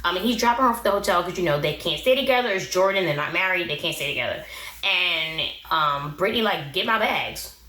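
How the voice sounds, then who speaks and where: A woman's voice: lowish voice, fast, bright, forceful tone. Sassy woman recapping a reality show. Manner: opinionated, sassy, talks back at the show. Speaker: recap vlogger. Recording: roomy echo.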